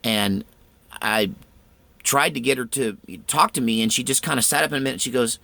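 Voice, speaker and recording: A man's voice: medium pitch, moderate pace, vocal fry, bright, forceful tone, no echo. A man earnestly recounting a frightening personal experience in a tense, fervent way. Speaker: storyteller. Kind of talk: personal storytelling.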